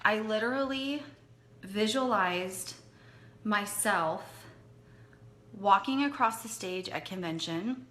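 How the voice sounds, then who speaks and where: A woman's voice: a little high, slow pace, pauses often, sharp tone. A woman leading a direct sales team, speaking earnestly and conversationally as she motivates them, repeating points for emphasis.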